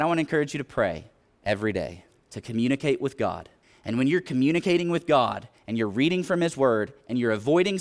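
A man preaching a sermon in an earnest, exhorting way, often retelling scripture stories. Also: mid-range voice.

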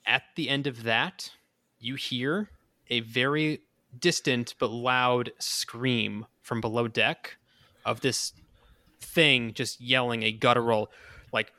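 Man, game master, tabletop narration, middle pitch, stammery restarts, bright voice. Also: steady tone, a little slow, no room sound, clean studio sound. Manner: stammering restarts, casual and profane.

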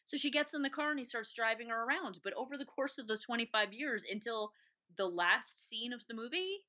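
A woman's voice: fairly high pitch, animated, a little fast, bright, forceful tone. A woman co-hosting a casual movie review chat, animatedly acting out the characters' lines. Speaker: podcast co-host. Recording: dull lo-fi sound.

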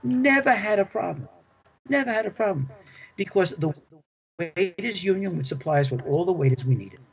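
A man's voice: sits high, lively intonation, moderate pace, creaky, slightly rough. An older man telling stories from his working life in an interview, chatty and enthusiastic, often repeating himself. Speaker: interview guest, former club manager. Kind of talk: storytelling reminiscence. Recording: dull lo-fi recording.

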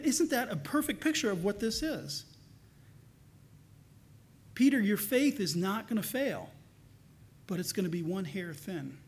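A man preaching a sermon, earnest, swinging between loud emphasis and soft, hushed lines. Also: sits high. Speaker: pastor.

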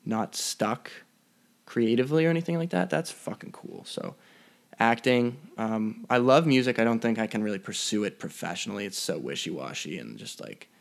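Gravelly, profane young podcaster. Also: male voice, fairly low pitch, lively intonation, moderate pace. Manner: profane, rambling, mock-threatening. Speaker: podcast host. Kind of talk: casual solo podcast rant. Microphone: podcast mic.

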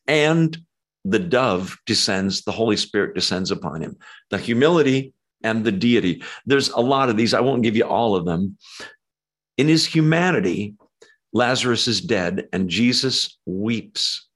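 A man preaching a sermon, animated and emphatic, with conversational asides. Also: lowish voice. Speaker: pastor.

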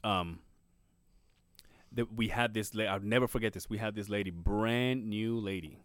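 A man's voice: on the low side, normal speed, a bit bright, no room sound, studio quality. A man co-hosting a podcast, telling stories in casual chat, swearing a lot and acting out the people he quotes. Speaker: podcast co-host.

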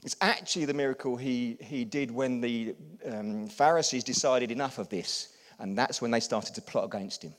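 Preacher in a reverberant hall. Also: male voice, mid-range voice, moderate pace, hardly any pauses. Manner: animated preaching, swings from hushed to loud; has the congregation repeat lines. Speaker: pastor. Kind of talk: sermon.

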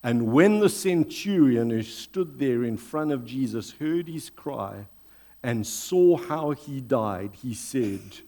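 Slow, deliberate male preacher. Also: mid-range voice, lively intonation, dark tone. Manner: slow, deliberate, dramatic reading with pauses. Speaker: pastor. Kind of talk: sermon with scripture reading.

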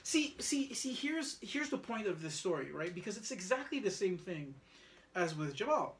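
A man's voice: high-pitched, normal speed, a little hiss or hum. A man co-hosting a podcast, telling a family story in casual chat and acting out the lines of the people in it. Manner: animated storyteller, acts out his son's lines. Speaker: podcast co-host.

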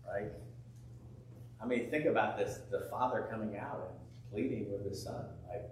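A man preaching a sermon, telling a parable with lively acted-out voices of the characters. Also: on the low side, normal speed, very echoey, recorded from a distance, slight background noise, low-quality recording. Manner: animated storytelling, acting out biblical characters' voices. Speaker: pastor.

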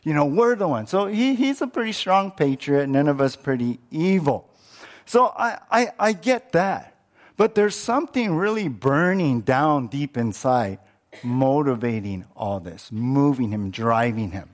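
A man preaching a sermon as pastor, animated, acting out quoted lines with many restarts. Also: medium pitch, measured pace.

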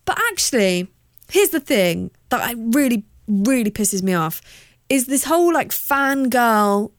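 A woman's voice: fairly high pitch, lively intonation, a little slow, no echo, clean studio sound. Candid southern English woman podcaster. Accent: southern English, slightly posh. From southern England. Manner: chatty, candid, swears freely, jumps into mock voices. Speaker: podcast host. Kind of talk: casual solo podcast chat.

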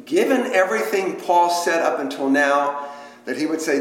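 A fairly high-pitched man with lively intonation and a moderate pace teaches an interactive Bible study, questioning the class and cracking playful jokes in a conversational way. The setting is a church hall, and the recording is echoey with long reverb.

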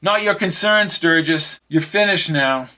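Smug taunting villain guy, bright edgy voice, a male narrator putting him on. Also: a little high, unhurried, voice pushed up. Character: cold menacing man who manipulates realities.

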